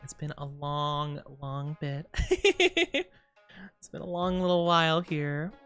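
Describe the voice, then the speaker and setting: A woman's voice: low-pitched, slow, fairly bright tone, clear, resonant tone, soft background music. A young woman streamer chatting casually with her viewers, rambling and giggling often.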